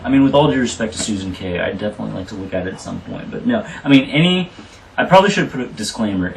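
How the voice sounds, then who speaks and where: A film director answering interview questions with earnest, rambling explanations. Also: male voice, lowish voice, far from the mic. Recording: roomy, from off the mic.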